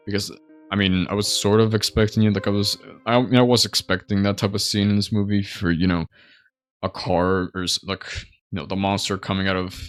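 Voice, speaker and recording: Low-voiced man rambling through a movie review. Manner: rambling, heavy on fillers like "you know" and "like"; excitable, voice jumps up when recounting scary scenes. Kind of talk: casual spoken movie review.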